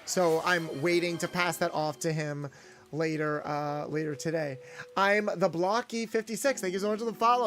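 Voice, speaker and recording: A man's voice: on the high side, moderate pace. A young man chatting casually with viewers on a livestream, playing up a friendly garage mechanic persona. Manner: chatty, animated, in-character garage mechanic patter. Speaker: VTuber streamer.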